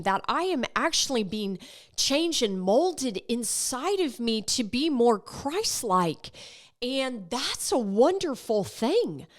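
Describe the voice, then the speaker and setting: A woman hosting a faith podcast, talking casually and animatedly and acting out remembered conversations. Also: on the high side. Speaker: podcast host.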